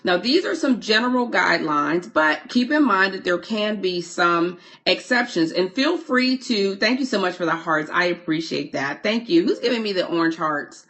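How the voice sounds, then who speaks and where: A woman's voice: on the low side, expressive, moderate pace, hardly any pauses. Chatty woman coaching on a live stream. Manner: chatty, warmly thanks and greets viewers mid-sentence, repeats words. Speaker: online course coach. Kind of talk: live-streamed teaching while reading viewer comments.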